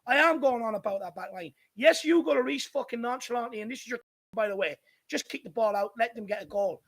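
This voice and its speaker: With an extremely high, slightly bright voice full of vocal fry, an Irish host races through live watchalong commentary on a football match. He's ranting in fury and swearing at his side's defending.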